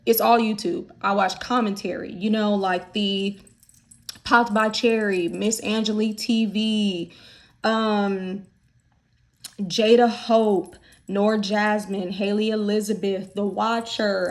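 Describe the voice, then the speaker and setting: A woman's voice: medium pitch, steady tone, takes it slowly, gravelly. Chatty candid woman vlogger. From United States. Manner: chatty and candid, with lots of fillers. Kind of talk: candid casual chat.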